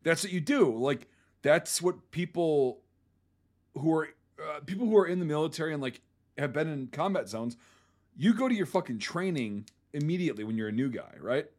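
A man hosting a casual podcast discussion, blunt and animated, swearing freely as he talks through a film. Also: a little high, normal speed. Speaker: podcast host.

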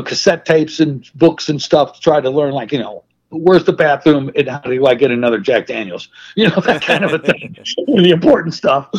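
A man being interviewed as a guest, telling animated, profane stories in casual chat. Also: a little high, breathy edge. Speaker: guest, wrestling manager. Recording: muffled lo-fi sound.

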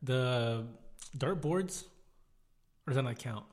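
A young man with a voice of middling pitch. He talks in a relaxed, chatty way full of casual slang, co-hosting a laid-back podcast. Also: slow pace. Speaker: podcast co-host. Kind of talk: casual chat.

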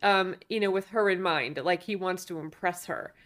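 A woman's voice: on the low side, moderate pace, fairly bright tone. A woman co-hosting a casual podcast, speaking bluntly and chattily about a film, with many "like"s and "you know"s. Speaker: podcast co-host. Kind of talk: casual movie-review chat.

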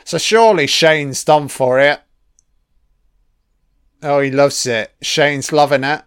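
In a smooth, high-leaning voice that stays steady and slow, a man offers casual film commentary, constantly swearing and mocking what's on screen with heavy sarcasm. The recording is dry and studio quality.

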